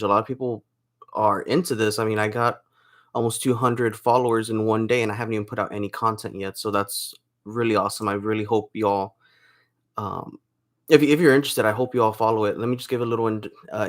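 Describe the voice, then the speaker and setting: Talking to camera in a home vlog, a young man with a sore throat feels unwell and rambles casually, restarting often. His voice is lowish and steady, and he speaks briskly.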